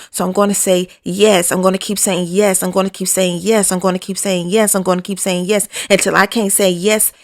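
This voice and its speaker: A woman podcast host leading a fervent spoken prayer, pleading and repeating herself, often dropping to a hushed, near-whispered delivery. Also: on the low side, gravelly, dry recording, clean studio sound.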